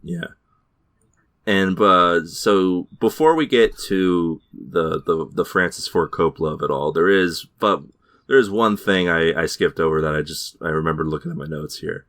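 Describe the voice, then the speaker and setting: A man's voice: sits low, moderate pace, a bit bright, no echo, clean studio sound. A man on a podcast, casually recapping a TV show and mimicking its characters as he goes. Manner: rambling recap, slips into mocking voices for characters. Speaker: podcast host.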